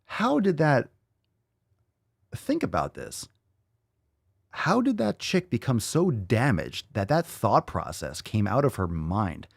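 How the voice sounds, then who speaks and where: A man's voice: on the low side, huge pitch swings, unhurried, creaky, dry recording, clean studio sound. A man hosting a podcast, ranting casually with heavy swearing and repeating phrases for emphasis. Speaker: podcast host.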